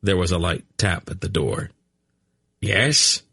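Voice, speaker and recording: A man reading fantasy fiction aloud as an audiobook narrator, measured and deliberate. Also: sits low, breathy edge, no echo, studio quality. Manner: slow, measured reading with character voices. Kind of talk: scripted narration.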